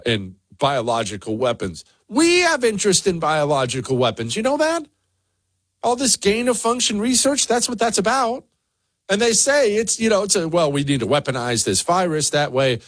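A man's voice: on the high side, no echo. A man hosting a talk radio show, delivering an opinionated, emphatic rant. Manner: ranting, emphatic. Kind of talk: opinionated monologue.

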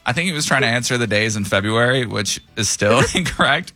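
A man's voice: mid-range voice, expressive, brisk, music in the background. A man co-hosting a morning radio show, trading playful jokes with the others. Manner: joking, playful banter. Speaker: radio co-host.

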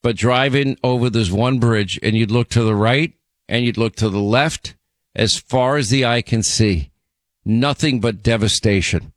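A man's voice: mid-range voice, measured pace, dry recording, clean studio sound. A man hosting a call-in radio show, chatting with callers and rambling through personal stories. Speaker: radio talk show host.

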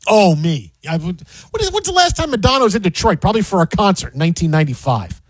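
A man with a high-pitched voice rambles through casual sports banter, piling up emphatic repeated phrases. The sound is dry and close, with no room around it. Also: sing-song, fast, husky, dry recording. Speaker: sports show co-host.

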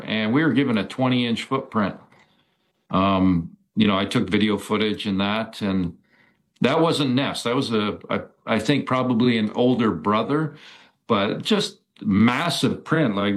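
Guy with a lowish voice, lots of ums and restarts, chatting in an interview. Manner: hesitant, many fillers and restarts. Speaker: guest describing encounters. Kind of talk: casual interview talk.

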